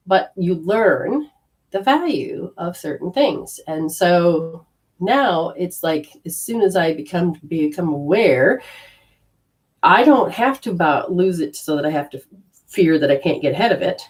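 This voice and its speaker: A middle-aged woman from Australia telling a personal story in a casual way, acting out her own inner voices with sudden jumps in pitch. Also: lively intonation, normal speed, darkish tone. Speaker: energy healing teacher.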